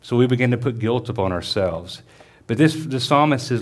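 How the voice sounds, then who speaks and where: A man preaching a sermon in a church as the pastor, reading scripture slowly and then explaining it in a conversational way. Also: mid-range voice, animated.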